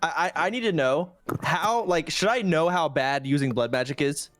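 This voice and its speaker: A man's voice: a little high, moderate pace, a bit bright, dry recording, faint music behind. A man playing in a tabletop game, chatting casually and stammering a little when flustered. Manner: flustered, stammering, laughing often. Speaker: player.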